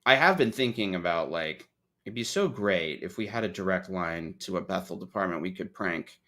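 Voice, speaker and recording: A man's voice: sits low, lively intonation, normal speed, pushed and bright. A man hosting a podcast in casual chat, joking and swearing freely while mocking himself. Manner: joking, profane, self-mocking. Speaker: podcast host.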